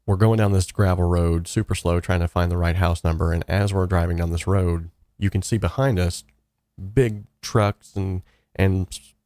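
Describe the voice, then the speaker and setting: A man's voice: deep voice, fairly even intonation, normal speed, dark tone, no echo, clean studio sound. A young man hosting a casual live stream, telling stories in a rambling way with many fillers and restarts. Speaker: host. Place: home studio.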